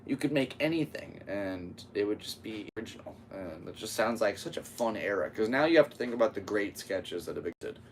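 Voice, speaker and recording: A young man hosting a casual solo podcast, rambling and animated, now and then breaking into loud yelps. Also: lowish voice, a little fast, few pauses, distant mic, slight background noise. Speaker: podcast host.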